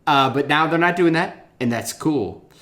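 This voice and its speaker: A man's voice: on the high side, normal speed, fairly bright tone. A man hosting a casual book-discussion podcast, enthusiastic and peppered with filler ums. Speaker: podcast host.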